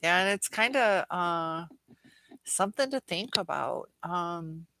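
A woman's voice: lowish voice, expressive, takes it slowly, sharp tone, dry recording, rough recording. A middle-aged woman hosting a casual viewer Q&A livestream, earnest and rambling, reading comments aloud.

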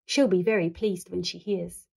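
A woman's voice: lowish voice, fairly even intonation, normal speed, creaky, darkish tone, breathy edge. A woman voicing a polite, earnest young male bear in a children's storybook reading, speaking in a plain, matter-of-fact way.

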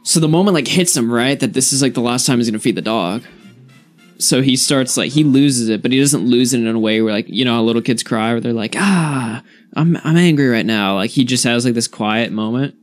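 A man's voice: medium pitch, fairly quick, faint music behind. A young man casually telling a story to his stream chat, rambling and swearing, with lots of "like". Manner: rambling, profane, heavy use of "like".

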